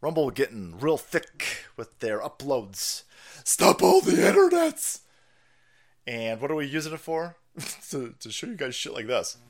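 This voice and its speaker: A man's voice: medium pitch, lively intonation, normal speed. A man hosting a livestream with crude, joking commentary, laughing often between remarks. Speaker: stream host.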